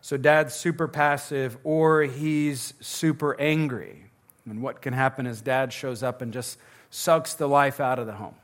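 A man's voice: mid-range voice, steady tone, unhurried, a bit bright. A man in his thirties giving a casual, earnest parenting seminar to a live audience, joking now and then. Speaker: pastor teaching a parenting seminar.

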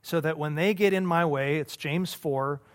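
Man, pastor, Bible study teaching, earnest, halting, fairly high voice. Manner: earnest, halting, full of restarts and repeats.

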